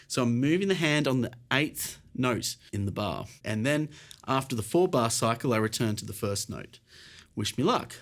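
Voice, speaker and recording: A man's voice: medium pitch, animated, moderate pace. A British man teaching an online piano lesson, encouraging and casual, explaining while counting and playing along. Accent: British English. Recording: faint piano music behind.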